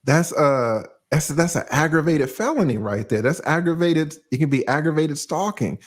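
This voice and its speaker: Man, livestream legal breakdown, casual, profane, animated, slightly high voice. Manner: animated, profane, acts out judges in quick asides. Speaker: livestream host, lawyer.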